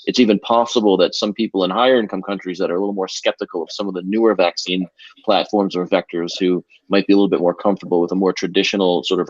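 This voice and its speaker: A man in a podcast discussion, speaking in a measured way with many fillers, on a dull, dry remote recording. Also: deep voice, dry recording.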